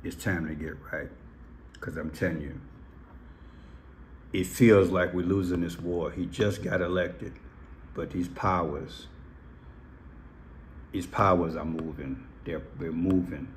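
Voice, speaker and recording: A man's voice: low-pitched, fairly even intonation, slow, pauses often, a little hiss or hum. A man talking to his viewers in casual commentary, emphatic and repeating phrases. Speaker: vlogger.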